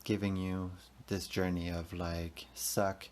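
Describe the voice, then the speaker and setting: A man's voice: low voice, flat delivery, slow, darkish tone. A man in his thirties, hosting a podcast as a rambling, profane, confessional solo monologue. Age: 30s. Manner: rambling, profane, emotional, talks to himself. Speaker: podcast host.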